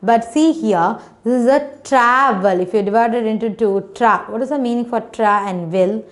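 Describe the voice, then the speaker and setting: A woman's voice: fairly high pitch, normal speed. A woman teacher giving a phonics lesson to children, patiently sounding out words syllable by syllable in non-native English phrasing.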